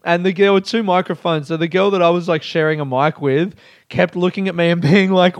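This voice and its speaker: A man's voice: sits high, steady tone, a little fast, no room sound, clean studio sound. A young man hosting his own podcast, telling rambling stories with frequent swearing and laughter. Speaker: comedian and podcast host. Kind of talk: casual solo podcast chat.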